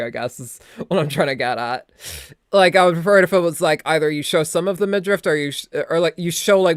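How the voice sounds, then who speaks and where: A woman's voice: low-pitched, no echo. A young adult woman streaming as a VTuber, chatting casually and rambling, swearing now and then into a close desk mic. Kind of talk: casual live-stream chat.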